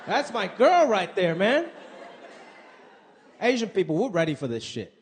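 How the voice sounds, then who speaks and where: A man performing an animated, punchy, self-mocking stand-up routine into a stage microphone before a live audience. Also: high voice, unhurried, background noise. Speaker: stand-up comedian.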